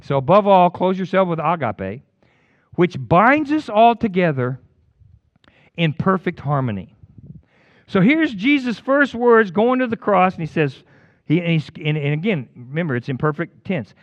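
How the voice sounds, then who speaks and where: A man preaching a sermon, casual and animated, swinging from quiet, low talk to loud, excited outbursts. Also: no echo, dull audio. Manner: casual, says "man" and "goofball". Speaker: pastor.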